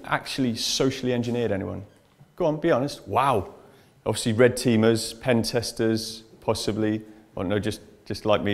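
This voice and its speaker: A man's voice: fairly low pitch, vocal fry. A man giving a conference presentation on information security to a live audience, talking in a chatty, anecdotal way. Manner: chatty anecdotal storytelling, addresses audience directly.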